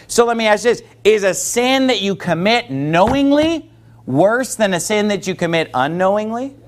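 A man's voice: sits high, lively intonation, normal speed. A man preaching a sermon as pastor, emphatic and questioning, putting questions to his listeners.

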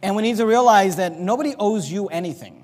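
High-voiced pastor preaching in a hall. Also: male voice, fast talker. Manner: animated preaching, reads scripture aloud, acts out characters. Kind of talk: sermon.

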